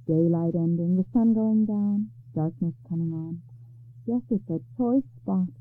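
A woman's voice: fairly low pitch, a little slow, husky, faint music behind. A woman voicing Death as a fussy, gloating male figure in a radio storybook, chatty and theatrical. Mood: smug. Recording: narrow phone-like radio sound.

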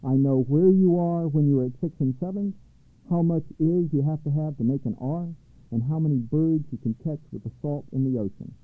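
A man's voice: fairly high pitch, normal speed, no room sound, voice pushed up, natural voice. A man voicing a fussy, self-important court mathematician who lectures in a precise, long-winded way, over a tinny line. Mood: pompous. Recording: tinny phone-like line, dry.

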